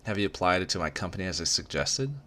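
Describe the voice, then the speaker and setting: A man voicing a brooding, controlling rich young man in an amateur dramatic reading, speaking in a low, hushed, smooth way. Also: lively intonation, fast talker, slight background noise.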